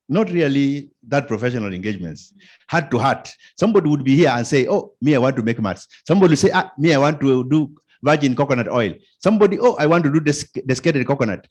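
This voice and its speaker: Animated Kenyan man addressing youth. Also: a little high, husky. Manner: animated, asks the audience questions, repeats phrases. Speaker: conference speaker. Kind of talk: informal conference talk.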